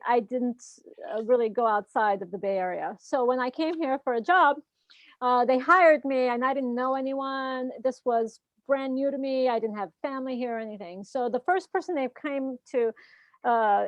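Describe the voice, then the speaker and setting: A woman's voice: fairly high pitch, moderate pace, no echo, lo-fi sound. A woman lawyer from California, telling a chatty, self-mocking story in an interview over a video call and laughing often. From California, USA. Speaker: lawyer, guest presenter.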